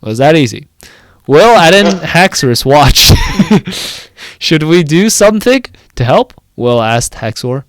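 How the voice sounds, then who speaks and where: A man's voice: a little high, big pitch swings, a little slow, no room sound. A young man co-hosting a comedy podcast, reading a badly written fan story aloud, stumbling over its misspellings and breaking into banter.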